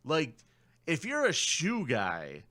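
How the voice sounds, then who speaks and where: A man co-hosting a comedy podcast, reading out news with crude, profane, deadpan asides. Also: on the high side, slow pace. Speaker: podcast co-host. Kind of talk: casual comedy chat.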